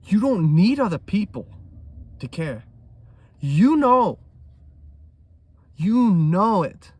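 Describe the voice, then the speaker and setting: A man vlogging about trading in an intense monologue, swearing freely and swinging between loud emphasis and hushed talk. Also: high-pitched, very animated, measured pace, slightly rough, no room sound.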